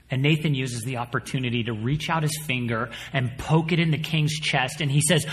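A man in his thirties preaching a sermon, telling stories with animated energy and dropping to a quiet, earnest tone for his points. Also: a little high, a little fast, few pauses, big-room sound. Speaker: pastor.

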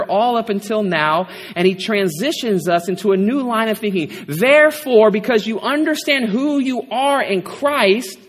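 A man preaching a sermon in a conversational, animated way, often checking in with a rhetorical "right?". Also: high-pitched, long reverb tail.

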